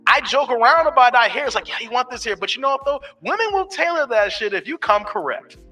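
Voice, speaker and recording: Lively guy in his 40s rambling on his live stream, high-ish bright voice, kinda far from the mic w/ faint music. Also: fairly quick. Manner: loose storytelling, street slang, swearing. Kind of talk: casual live stream chat.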